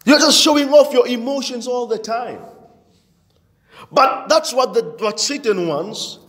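A man's voice: very high voice, expressive, measured pace, fairly bright tone. A male pastor preaching a sermon with emphasis, repetition and frequent amens, in a church. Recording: long church hall reverb.

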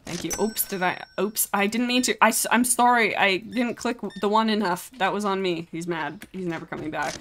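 A woman's voice: on the low side, gravelly, a little hiss or hum. A woman streaming a game, giving flustered, joking commentary and talking to the game's customers. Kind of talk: live gameplay commentary.

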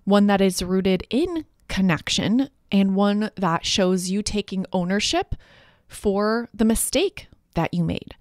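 A woman's voice: medium pitch, slow, darkish tone, no echo, clean studio sound. A woman hosting a parenting podcast, explaining in an earnest, encouraging way. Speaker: podcast host, parenting coach. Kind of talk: solo podcast teaching.

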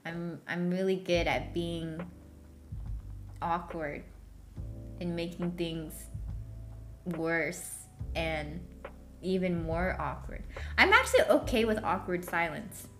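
A woman's voice: on the low side, slow pace, long pauses, a bit bright, faint music behind. A woman streamer chatting casually and answering viewer questions, self-deprecating and giggly, humming little filler tunes.

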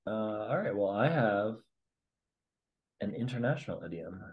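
A man's voice: on the low side, lively intonation, unhurried, highs cut off. Dry, teasing man podcast host. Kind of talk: casual podcast chat.

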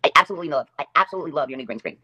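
A woman's voice: sits low, animated, rapid-fire, bright, forceful tone, breathy edge, lo-fi sound. A woman hosting her own livestream, delivering a sarcastic, taunting rant and repeating her jabs over and over. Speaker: livestream host.

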